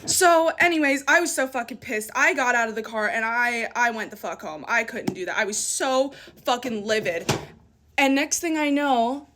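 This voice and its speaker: A young woman with a high voice tells a story from her own life in a casual, animated way. She swears freely and sounds indignant. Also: moderate pace, a little hiss or hum.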